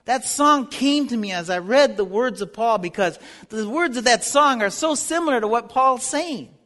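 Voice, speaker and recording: A man's voice: extremely high pitch, animated, normal speed, fairly bright tone. A man teaching a Bible lesson in sermon style, earnest and building to fervent appeals. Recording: long reverb of a hall.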